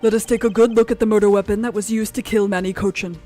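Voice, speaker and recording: A woman's voice: medium pitch, fairly even intonation, fast, dark tone, soft background music, close to an everyday voice. Woman reading as a cool formal prosecutor. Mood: composed. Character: composed, formal male prosecutor.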